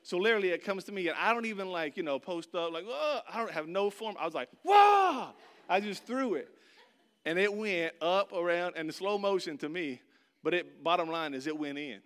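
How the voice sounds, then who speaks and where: A man preaching in a high, bright, ringing voice. He tells his story with a lot of life, acts out other people's voices and sometimes shouts. He talks straight to the congregation. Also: brisk, clean tone. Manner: addresses the audience directly. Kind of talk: sermon with storytelling.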